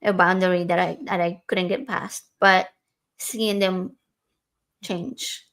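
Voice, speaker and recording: A woman's voice: lowish voice, steady tone, slow, vocal fry, fairly bright tone. A woman talking earnestly and personally in a casual podcast conversation, with frequent fillers and restarts.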